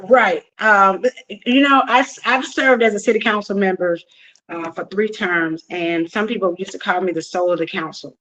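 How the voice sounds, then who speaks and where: A woman running for Congress, answering interview questions earnestly and haltingly, with many fillers. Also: medium pitch, fairly bright tone, poor audio. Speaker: political candidate guest.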